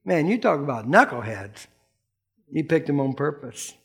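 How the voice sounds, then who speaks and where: Gravelly high-voiced casual preacher man. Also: sing-song, moderate pace. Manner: folksy, slangy, acts out quotes. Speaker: pastor. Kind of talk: casual sermon.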